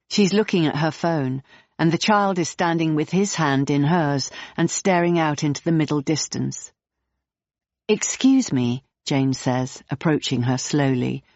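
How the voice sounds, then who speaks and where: A woman narrating an audiobook in the third person, steady and clear. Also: low-pitched, no echo, highs cut off.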